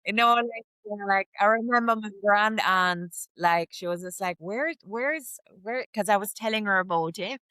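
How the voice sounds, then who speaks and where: Chatty woman from jamaica, smooth voice. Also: medium pitch, normal speed, few pauses, no room sound. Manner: animated storyteller, lots of "like" and "you know". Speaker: guest, real estate agent. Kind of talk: casual interview chat.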